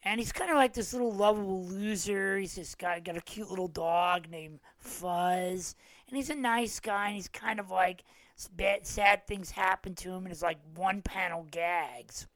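A man's voice: high voice, moderate pace, fairly bright tone, no room sound. A middle-aged man hosting a podcast, casually retelling holiday specials and acting out the quoted lines, with many fillers. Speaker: podcast host.

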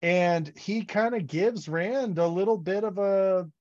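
A man's voice: sits high, a little slow, a little mellow, dull audio. A man co-hosting a podcast, chatting casually about a book series and acting out characters' lines in funny voices. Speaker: podcast co-host.

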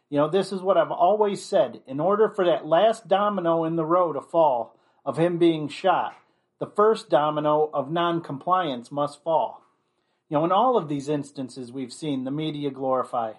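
A man giving an opinionated commentary monologue, blunt and rambling, leaning on constant "you know" fillers. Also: on the high side.

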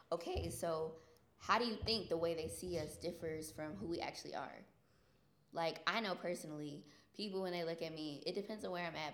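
A young woman leading a casual panel discussion, asking questions in a relaxed way. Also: sits low. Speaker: discussion lead. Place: garage. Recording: echoey garage room.

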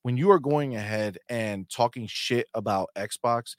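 A man's voice: medium pitch, unhurried, no room sound, clean studio sound. A man co-hosting a gaming talk stream, hyped and profane, thanking chatters and reading their messages. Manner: hype, profane, reads out chat. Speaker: co-host.

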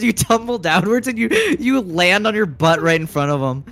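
A man's voice: high voice, expressive, moderate pace, a bit bright, no room sound. A man runs a tabletop game, his voice bouncing up and down as he narrates the action. He keeps breaking into laughter mid-sentence. Faint music plays underneath. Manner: laughs often while narrating. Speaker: game master.

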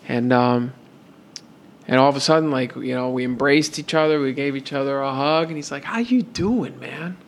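A man co-hosting a podcast, telling a story in a casual, animated way and acting out both sides of the conversation. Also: medium pitch, fairly quick, a little hiss or hum. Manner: animated retelling with repeated "and I'm like". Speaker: podcast co-host.

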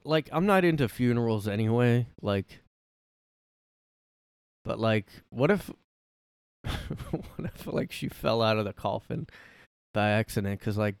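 A man's voice: mid-range voice, clear, resonant tone, no echo. A man hosting a casual solo podcast from his room, rambling and irreverent, often repeating himself. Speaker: podcast host.

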